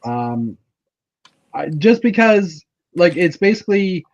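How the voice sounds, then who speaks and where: A man's voice: high-pitched, sing-song, slow pace, no echo, muffled recording. A man from Canada hosting a casual livestream chat, rambling with lots of fillers and restarts. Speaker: livestream host.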